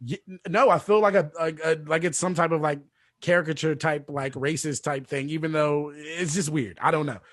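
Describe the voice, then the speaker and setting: A man hosting a film podcast in casual chat, halting and self-deprecating. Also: on the high side, steady tone, fairly bright tone, no room sound, clean studio sound. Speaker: podcast host.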